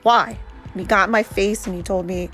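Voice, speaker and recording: A woman's voice: mid-range voice, fairly even intonation, fast talker, fairly bright tone, faint music behind. A woman guest telling a story about her vacation, bluntly and profanely, with lots of animation. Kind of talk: casual storytelling.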